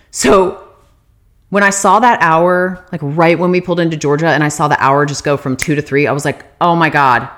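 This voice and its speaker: A woman telling her viewers a story in a casual, profane, exasperated rant. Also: lowish voice.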